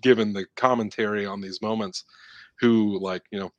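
In casual podcast chat, a male co-host with a fairly low voice and fairly even intonation tells a rambling, filler-heavy story at normal speed, recorded with no echo.

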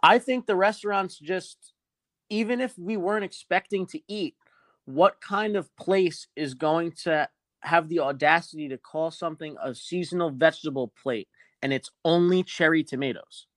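A man telling a story on a casual podcast, animated and swearing constantly, acting out the people in it. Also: fairly high pitch, moderate pace, no echo, clean studio sound.

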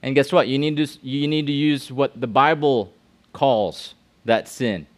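A middle-aged pastor gives a loose, conversational youth sermon, repeatedly asking the room questions, repeating words, and restarting sentences. His voice is at an ordinary middle pitch and his pace is measured.

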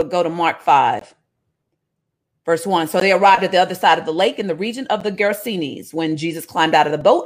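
A woman preaches, reading scripture aloud and breaking off into casual, humorous retellings. Her voice sits at an average pitch. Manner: animated storytelling, jokes and voices, casual asides. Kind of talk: sermon, reading scripture with commentary.

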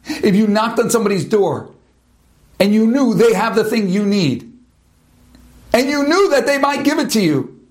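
Blending Hebrew terms with English, a rabbi teaches Torah in a preaching manner, full of rhetorical questions and stretched-out pauses for emphasis. He has an expressive, high-sitting voice.

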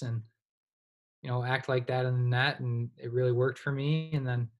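Twenty-something guy on a podcast, chatty and loose, says "you know" a lot, pretty monotone. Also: mid-range voice, normal speed. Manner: relaxed, rambling, heavy use of "you know". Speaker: guest, college hockey goaltender. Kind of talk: casual podcast interview.

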